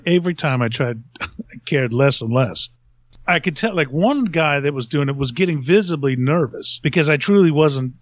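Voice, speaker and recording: A man's voice: fairly high pitch, dry recording, lo-fi sound. A man telling a long story in casual podcast chat, rambling and self-mocking, laughing often.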